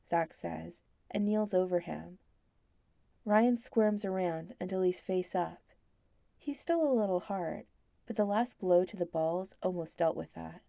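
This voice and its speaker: A woman narrating a scripted story in a slow, hushed, intimate voice that slips into whispers. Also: on the low side, gravelly, dry recording, studio quality.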